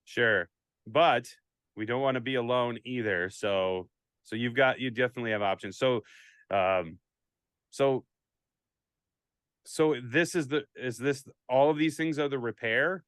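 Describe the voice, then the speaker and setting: A man's voice: medium pitch, measured pace, pauses often, a bit bright, clear, resonant tone, no room sound, clean studio sound. Easygoing man with a Minnesota accent. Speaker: player learning the game. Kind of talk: casual online game stream.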